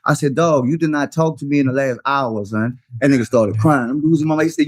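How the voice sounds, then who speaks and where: A man's voice: mid-range voice, quick pace, few pauses, no echo, studio quality. A man, telling long stories in casual talk and calling people "son" and "dog" as he goes. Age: 30s. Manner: animated storyteller, slangy, says "son" and "dog" often. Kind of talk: casual storytelling.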